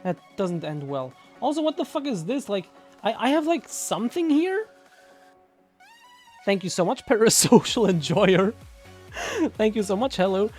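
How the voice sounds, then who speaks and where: A woman's voice: medium pitch, very animated, faint music behind. A young woman streaming live, chatting casually with viewers, swearing and laughing easily. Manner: loud swearing outbursts and quick laughter.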